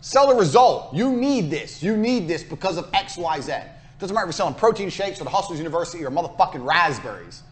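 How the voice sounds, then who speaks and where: A high-pitched, sing-song male voice rattles along quickly with hardly any pauses. It belongs to an instructor in a recorded business course lecture who is brash, profane and pushy in his selling, pounding his points through repetition.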